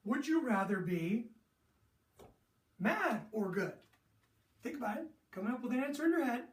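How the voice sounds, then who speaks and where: Animated coach in a roomy, distant recording. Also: medium pitch, normal speed. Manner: animated, asks rhetorical questions, acts out athletes' moods. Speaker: sports mental performance coach. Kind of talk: motivational lesson to young athletes. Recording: roomy echo, distant from the mic.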